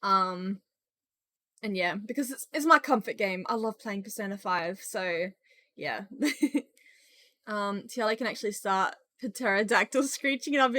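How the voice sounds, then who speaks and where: A young woman live-streaming a game, chatting loudly and excitedly with her viewers. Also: mid-range voice, a little slow, no room sound. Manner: excitable, loud, bursts into squeals greeting chat. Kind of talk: casual live-stream chat while gaming.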